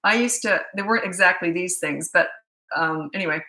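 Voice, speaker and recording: A middle-aged woman rambles through parenting questions, talking in a loose, chatty flow that keeps doubling back mid-thought. Her voice sits fairly low for a woman yet has a bright, forceful edge. The room around her rings with a roomy echo. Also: fairly quick. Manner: rambling, chatty, often restarts sentences. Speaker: parenting coach. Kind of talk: casual Q&A answering viewer questions.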